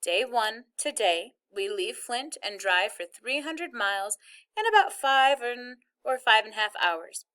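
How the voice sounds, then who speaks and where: A practical, organized mother walks through the plans in a steady, matter-of-fact voice, as a woman reading a novel aloud voices her. The tone is bright and sits fairly high. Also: unhurried, clear, resonant tone, heavily acted.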